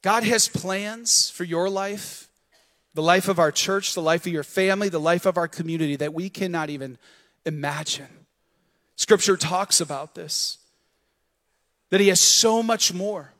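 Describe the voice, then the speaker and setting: High-voiced man preaching in a reverberant hall. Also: a little slow, a bit bright. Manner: preaching with call-and-response prompts. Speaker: pastor. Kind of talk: sermon. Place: church sanctuary.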